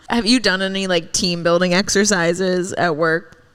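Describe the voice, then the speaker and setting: Bright, laughing woman podcast co-host. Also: on the low side, clean tone, in a large hall. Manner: laughs often, crude jokes. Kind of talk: casual chat.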